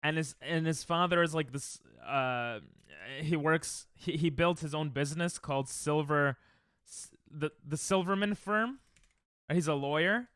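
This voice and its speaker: A male streamer chats casually into a desk mic, rambling and joking and breaking off his own sentences. His voice is crisp and smooth and sits a little high. The sound is dry and close, with no room around it. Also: measured pace, a bit bright, no echo. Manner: rambling, self-interrupting, joking. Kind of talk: casual livestream chat.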